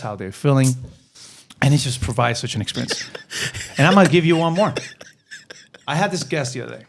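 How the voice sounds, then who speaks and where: A man's voice: mid-range voice, a little mellow. A man co-hosting a casual podcast about restaurant serving, explaining tips earnestly and swearing now and then. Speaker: podcast host, server.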